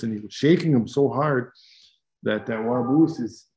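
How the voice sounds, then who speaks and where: A man from Wisconsin tells a traditional story over a video call. His voice is gravelly and sits at a middling pitch. He talks unhurriedly, with pauses, fillers and repeated words. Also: darkish tone. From Wisconsin, USA.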